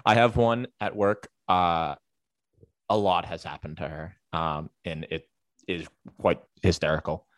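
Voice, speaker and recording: A man's voice: low voice, steady tone, measured pace, dry recording. A man who works as a teacher, telling a casual story with lots of fillers and the odd swear word. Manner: rambling, filler-heavy, profane.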